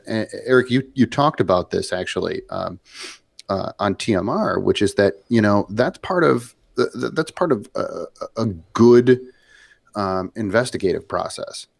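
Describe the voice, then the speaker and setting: A man co-hosting a podcast, explaining his view in an earnest, deliberate way. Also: lowish voice, creaky, no echo, studio quality. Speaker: podcast co-host. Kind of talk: casual discussion.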